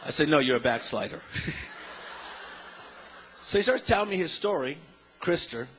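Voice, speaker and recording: A middle-aged male preacher telling a story in a sermon, animated and acting out the voices of people in it, calling out to his listeners. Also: on the high side, normal speed, slight background noise, rough recording.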